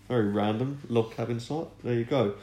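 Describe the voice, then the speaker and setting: A man's voice: medium pitch, a little fast, mellow. A man co-hosting a podcast, reading out listener comments and trading dry jokes in casual chat. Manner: reads listener comments, dry jokey banter. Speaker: podcast co-host. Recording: roomy echo.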